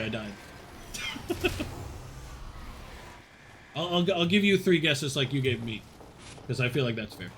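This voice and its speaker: A man's voice: on the high side, fairly bright tone, a little hiss or hum. Chatty young man, faint Southern lilt. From northern Alabama, US. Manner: chatty, laughs often, answers chat between plays. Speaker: game streamer. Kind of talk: casual live-stream chat while gaming.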